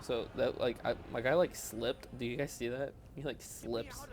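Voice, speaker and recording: A man's voice: mid-range voice, fairly even intonation, normal speed. A young adult man giving casual, rambling, self-deprecating gameplay commentary while tired and yawning. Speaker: gaming video host.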